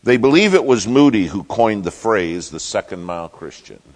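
A man preaching a sermon as pastor, emphatic, swinging between loud declarations and hushed asides. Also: lowish voice, lively intonation, moderate pace, big-room sound.

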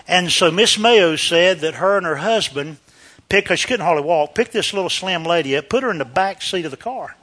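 A male preacher telling a story in a sermon, animated and laughing, swinging between loud and hushed. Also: high-pitched, brisk.

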